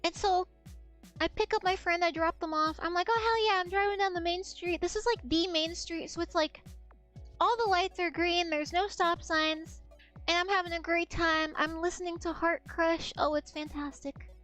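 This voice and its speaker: A woman streamer with a very high voice tells a meandering story in casual chat. She swears freely and slips into the other people's lines as she goes. Soft music plays quietly behind her. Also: normal speed. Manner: rambling, animated anecdote with swearing and acted-out quotes.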